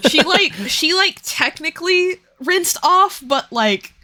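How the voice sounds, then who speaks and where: A woman's voice: extremely high pitch, expressive, slow pace, sharp tone. A woman at a tabletop game, chatting casually and joking. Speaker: player.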